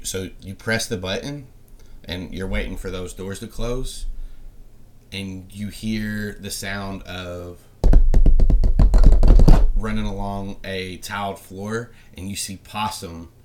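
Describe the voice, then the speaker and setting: A man's voice: low voice, fairly even intonation, slow pace, long pauses, very noisy. A man narrating as game master of a tabletop game, rambling along with many fillers.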